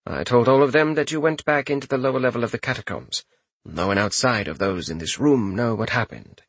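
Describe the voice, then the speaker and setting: A man voicing a formal, loyal male chamberlain who speaks in a low, measured, deferential way. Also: a bit bright, no echo. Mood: grave.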